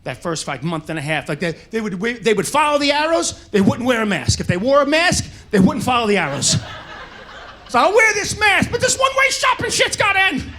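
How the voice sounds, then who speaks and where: Stand-up guy telling stories on stage, high pitched, super animated, yells the punchlines. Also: fairly quick. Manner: animated, shouts punchlines, acts out characters. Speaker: stand-up comedian. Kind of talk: stand-up storytelling. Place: comedy stage.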